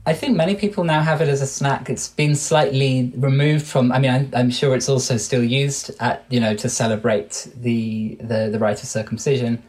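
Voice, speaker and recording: A man in his thirties with an English accent, talking as an interview guest. His voice sits at an ordinary middle pitch, and his delivery is considered and searching, full of small restarts as he reworks each phrase. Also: steady tone, normal speed, few pauses, darkish tone. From Wales. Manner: thoughtful, frequent restarts and self-corrections. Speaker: guest researcher. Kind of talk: podcast interview conversation.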